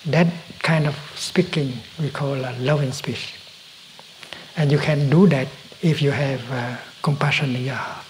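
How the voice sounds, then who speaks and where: A man giving a slow, gentle dharma talk as a meditation teacher, halting often and dropping to a soft whisper at times. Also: medium pitch, fairly even intonation, a little hiss or hum, poor audio.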